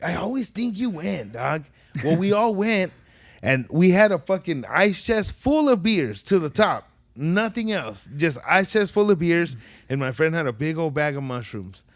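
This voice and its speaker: A man's voice: fairly high pitch, sing-song, measured pace, dry recording, clean studio sound. A man hosting a podcast, telling slangy, profane stories in casual chat and acting out quotes. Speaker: podcast host.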